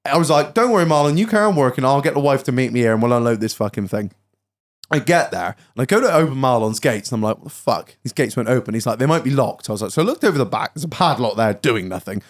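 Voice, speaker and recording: Sweary animated man telling a story. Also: fast. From England. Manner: sweary, animated, puts on high voices for quoted people. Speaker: podcast co-host. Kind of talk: casual storytelling chat.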